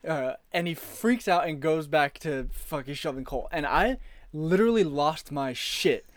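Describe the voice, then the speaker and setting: A man's voice: on the high side, normal speed, no echo, clean studio sound. A man co-hosting a casual film podcast, retelling scenes with swearing and theatrical bursts. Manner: profane, animated retelling of scenes. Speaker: podcast co-host. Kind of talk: casual film-review chat.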